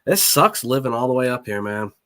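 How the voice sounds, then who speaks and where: A young man chatting casually as a podcast guest, laid-back and quick to laugh. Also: mid-range voice, very animated, bright, forceful tone.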